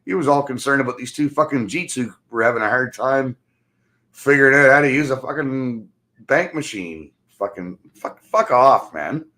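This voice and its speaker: A man's voice: mid-range voice, normal speed, bright, forceful tone. A middle-aged man, ranting bluntly and angrily. He swears constantly and ends his phrases with "man". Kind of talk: profane ranting monologue.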